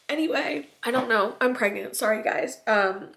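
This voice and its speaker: A woman's voice: a little high, slow pace, gravelly, a bit bright. Young woman vlogger, late pregnancy, tired, casual and filler-heavy talk to camera. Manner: chatty, rambling, filler-heavy with frequent "like".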